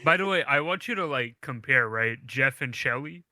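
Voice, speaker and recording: Male co-host, casual comic chat; bright, slow, lively pitch. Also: no room sound. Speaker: podcast co-host. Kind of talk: casual comic book discussion.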